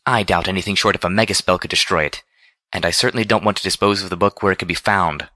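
A man reading a storybook voices a refined, proud unicorn mare who speaks in a prim, measured way. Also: low voice, fairly even intonation, sharp tone, no echo. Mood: stubborn.

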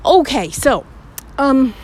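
Recorded outside, a young woman who makes audios chats with her listeners in a rambling, self-deprecating way packed with fillers. Her high voice has big pitch swings and a darkish tone, and she speaks slowly, with a little hiss or hum in the audio.

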